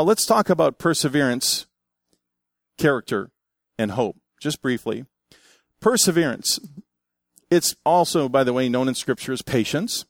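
An older man preaching a sermon, telling stories in an animated, folksy way and reading scripture aloud. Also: mid-range voice, no room sound, clean studio sound. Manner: animated storytelling with folksy asides. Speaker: pastor.

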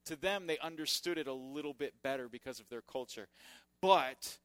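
A man preaching a sermon as pastor, swinging between loud emphatic points and quiet asides. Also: mid-range voice, normal speed, no echo.

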